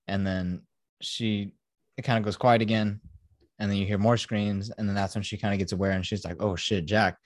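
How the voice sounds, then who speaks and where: A man's voice: sits low, no room sound, studio quality. A young man hosting a casual podcast, animatedly retelling a film scene by scene with lots of swearing and acted-out quotes. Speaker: podcast host. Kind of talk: casual film-review chat.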